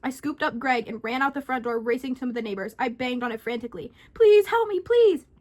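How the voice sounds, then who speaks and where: A young woman vlogger reading a scary story aloud in an animated, dramatic way. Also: fairly high pitch, fast talker.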